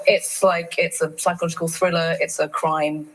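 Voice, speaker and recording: A woman's voice: deep voice, little pitch movement, moderate pace, poor audio. A woman guest on a talk show, chatting and often restarting her sentences. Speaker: guest actor.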